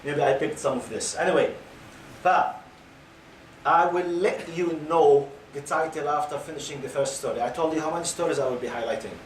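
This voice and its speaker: High-voiced man lecturing in an echoey hall. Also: fairly quick, slight background noise. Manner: questions the audience and waits for answers; loose, repetitive phrasing with fillers like "okay?". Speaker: Islamic lecturer. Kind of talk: lecture to a youth audience. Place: lecture hall with a live audience. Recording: echoey room picked up from a distance.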